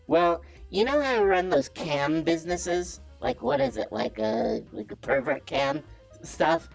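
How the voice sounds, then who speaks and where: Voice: very animated, unhurried, gravelly, soft background music, full character voice. A caller doing a comedic impression of a boastful self-styled male business guru, cocky and evasive. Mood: smug. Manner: cocky, evasive and defensive, pitch swinging wildly. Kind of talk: comedic impression on a call-in show.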